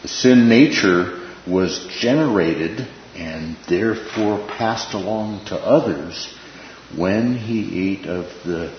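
A man with a lowish voice teaching a relaxed Bible study, often stopping to ask "right?" and repeating key phrases. He is recorded in an echoey room with dull, lo-fi sound and a faint hiss behind him. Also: slow pace. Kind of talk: informal Bible class teaching.

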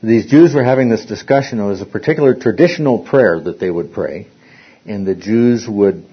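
A man's voice: lowish voice, fairly quick, slightly rough. A man teaching an interactive Bible study, rambling and often repeating words as he restarts his sentences. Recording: dull lo-fi recording.

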